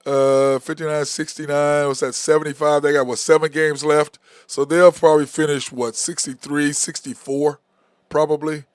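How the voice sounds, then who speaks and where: A man's voice: on the high side, moderate pace, smooth, no room sound, clean studio sound. A man hosting a sports talk show, talking bluntly and with animation in casual sports chat. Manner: blunt, animated, says "okay?" and "bro" a lot.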